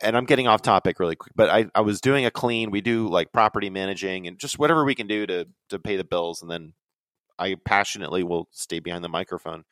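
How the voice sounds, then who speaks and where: A man telling stories in casual talk, rambling and animated, often dropping into quoted voices. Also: deep voice, fast, no room sound. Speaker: podcast guest. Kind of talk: casual storytelling.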